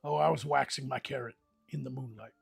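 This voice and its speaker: A man's voice: medium pitch, fairly quick, gravelly, breathy edge, dry recording, soft background music. A man rambling through crude, comic adventure stories in an improvised role-play livestream. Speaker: game master and player.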